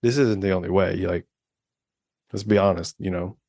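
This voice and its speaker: Clean studio sound with no room sound captures a man in his thirties, his low, darkish voice steady and moderately paced. He co-hosts a podcast, chatting casually and rambling with many fillers while swearing freely.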